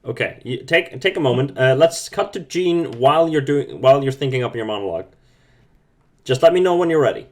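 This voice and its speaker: A man's voice: medium pitch, animated, a little fast. A man running a tabletop role-playing game over a call, narrating loosely with many fillers. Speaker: game master. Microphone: remote call mic.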